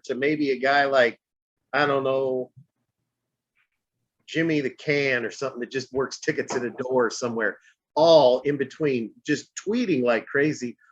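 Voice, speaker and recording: A man co-hosting a podcast, telling a story in an animated way and getting worked up. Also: mid-range voice. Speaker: podcast co-host. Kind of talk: casual podcast chat. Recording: dull lo-fi audio.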